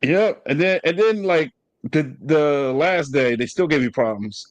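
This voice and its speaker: Man, podcast host, higher voice, dry close sound, stammering storyteller. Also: unhurried, dry recording, muffled recording. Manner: animated storyteller, stammers and repeats words. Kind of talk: casual interview chat.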